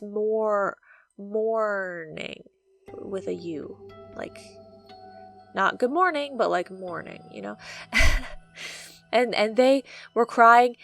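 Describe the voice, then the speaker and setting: A woman with a slightly high voice casually retells her playthrough of a game, rambling and playful as she hunts for the right words. Faint music plays in the background. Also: fairly bright tone. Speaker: gaming video host.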